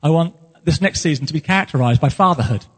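A man preaching with earnest passion, his voice set high and edged with a husky breathiness. He delivers it as a pastor's sermon, in a church hall where every phrase carries a long, ringing reverb. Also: expressive, quick pace.

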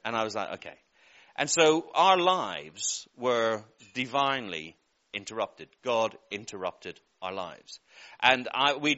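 A man preaches from the front, spinning a personal story with animated energy and breaking into laughter at his own jokes. His voice has a bright, forceful edge. The recording sounds a little dull and lo-fi. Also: mid-range voice.

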